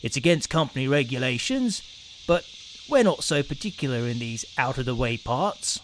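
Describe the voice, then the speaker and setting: A man's voice: medium pitch, animated, moderate pace, slight background noise, close to an everyday voice. A man voicing a burly, kindly engine driver who speaks in a folksy, homely dialect. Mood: friendly.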